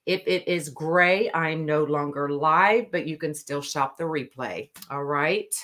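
A woman hosting a live stream to sell custom cups, talking casually and slowly with lots of ums. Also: low voice, a bit bright. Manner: slow, drawling, many ums. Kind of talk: casual live sales chat.

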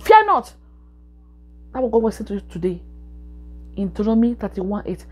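A woman's voice: mid-range voice, fast talker, warm tone. A woman preaching a sermon and leading a prayer, repeating her phrases with emphatic, exhorting delivery.

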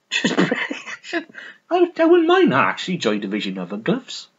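A man's voice: on the high side, wildly swooping pitch, moderate pace, fairly bright tone, breathy edge, lo-fi sound. A man reviewing records in a casual, rambling, sweary way, full of restarts. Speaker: music vlogger.

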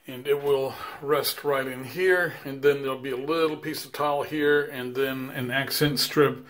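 A man's voice: mid-range voice, fairly even intonation, moderate pace, a bit bright. A man giving a casual step-by-step how-to walkthrough of his tiling work in a bathroom under renovation, with frequent "uh" and "um". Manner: plain step-by-step explaining, frequent "uh" and "um". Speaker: tile installer.

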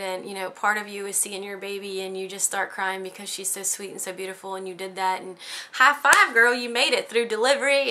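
A chatty American woman talking to her camera with a bright, forceful voice. She rambles casually, leans on fillers and acts out her own reactions. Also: mid-range voice. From United States. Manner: chatty and expressive, many fillers, quoting herself. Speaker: vlogger.

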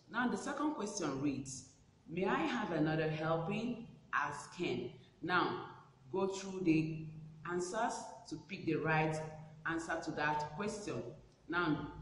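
Slow, careful male teacher in an echoey room. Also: a little high, fairly bright tone, slight background noise. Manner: slow, deliberate pronunciation drill. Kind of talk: reading a spelling lesson aloud.

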